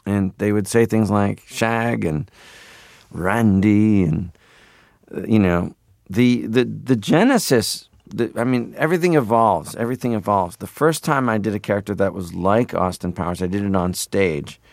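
A man's voice: lowish voice, moderate pace, creaky, a little mellow, no echo, studio quality. A man from Canada, a guest in an interview, talking casually and rambling with many fillers.

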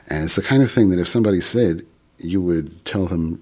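Lively Philadelphia-accented man explaining. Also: rumbling low, a little fast, husky. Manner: lively, playful explainer, trails off and restarts. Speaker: guest author. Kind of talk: radio interview.

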